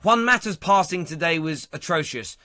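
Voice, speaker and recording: Firm bright-voiced host. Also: male voice, a little high, lively intonation, normal speed, no room sound, studio quality. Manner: firm, insists on being heard. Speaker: radio host. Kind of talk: phone-in debate.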